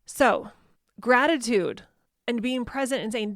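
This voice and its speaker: Woman, podcast host, heartfelt and reflective solo talk, mid pitch, dry recording. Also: unhurried, a bit bright, no room sound. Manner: earnest, heartfelt, self-correcting.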